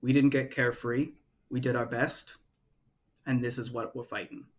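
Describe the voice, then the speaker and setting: A man's voice: medium pitch, flat delivery, moderate pace, close to an everyday voice. A man voicing Rollins, an earnest male fighter with a solemn manner.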